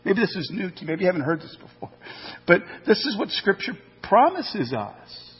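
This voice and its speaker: A male pastor preaching a sermon, animated, with rhetorical questions and acted-out asides. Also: sits high, moderate pace, husky. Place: church sanctuary. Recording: muffled church hall recording with long reverb.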